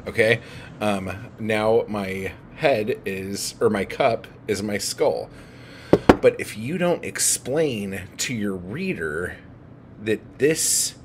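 A man's voice: fairly low pitch, slight background noise. Agitated swearing man ranting about writing. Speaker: book vlogger. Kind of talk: profane rant to camera.

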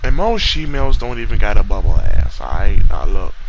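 A man's voice: fairly low pitch, sing-song, fairly quick, background noise. A tired young man vlogging late at night, rambling and trash-talking with lots of fillers. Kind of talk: casual rambling monologue.

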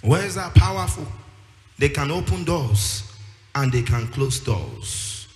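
Animated man preaching in echoey hall. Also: mid-range voice, slow pace. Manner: emphatic preaching, acting out quoted speakers. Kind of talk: sermon. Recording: echoey hall with music behind.

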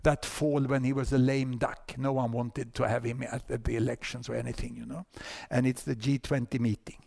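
A man in his sixties with a Swedish accent, lecturing at a conference and telling a story with lively asides and repeated words. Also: mid-range voice, normal speed, creaky. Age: 60s. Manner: animated storyteller, frequent "huh?" and "you know" asides, repeats words. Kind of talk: conference talk. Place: conference hall with audience.

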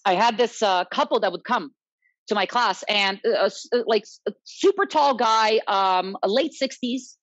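Female guest, salsa instructor, animated storyteller; muffled, dry sound. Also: mid-range voice, normal speed, no room sound. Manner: animated, quotes others, tag questions "right?". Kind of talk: casual storytelling chat. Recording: dull lo-fi dry recording.

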